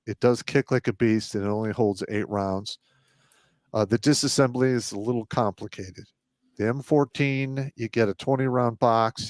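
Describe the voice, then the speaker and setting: A man's voice: medium pitch, no room sound. A man who served in the military, talking plainly and matter-of-factly about firearms on a casual live stream. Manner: plain-spoken, recalls details matter-of-factly. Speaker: veteran guest on a stream.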